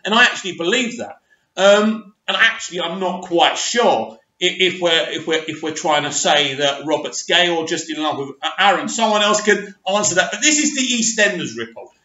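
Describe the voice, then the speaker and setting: A man giving his animated, emphatic opinions on a soap opera in a casual monologue. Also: sits high, normal speed. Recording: echoey room, dull lo-fi sound.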